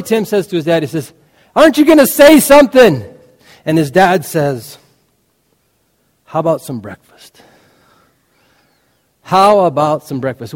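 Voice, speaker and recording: A man delivers a sermon in a lively, storytelling way. His pitch rises and falls widely as he quotes the characters, pushing harder on the key lines. His voice rings out in a long hall reverb. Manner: animated storytelling preacher, quoting dialogue with rising intensity. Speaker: preacher.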